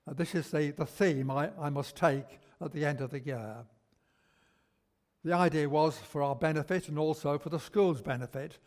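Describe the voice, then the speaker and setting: A man preaching a sermon, slow and emphatic, repeating key words for weight. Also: on the high side, darkish tone. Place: church. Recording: long church reverb.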